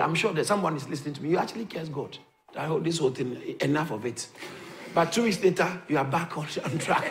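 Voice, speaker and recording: Male preacher, middle-aged, higher voice, repetitive call-and-response sermon delivery. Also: lively intonation, fast talker, slight background noise. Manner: rhetorical questions to the congregation, repeats phrases for emphasis.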